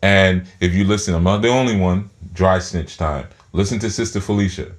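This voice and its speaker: A man's voice: deep voice, normal speed. A man giving a spiritual teaching talk, speaking through his teeth and often repeating words as he thinks aloud.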